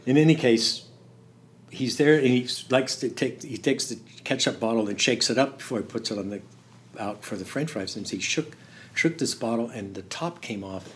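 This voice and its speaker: An older man telling stories in an interview, halting and laughing, dropping to a hush when he quotes someone. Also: mid-range voice. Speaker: interview guest. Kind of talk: storytelling in conversation.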